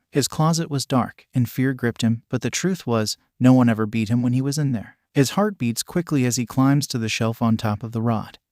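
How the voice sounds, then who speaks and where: A man narrating a fan fiction story in a steady, earnest reading. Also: mid-range voice, no echo, clean studio sound.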